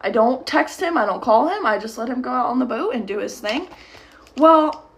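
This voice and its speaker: Young woman, casual storytime vlogger, slightly high voice, rambling and worked up. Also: lively intonation, normal speed. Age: young adult. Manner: rambling, heated, swears, many "like" fillers. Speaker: storytime creator. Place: at home at a mirror.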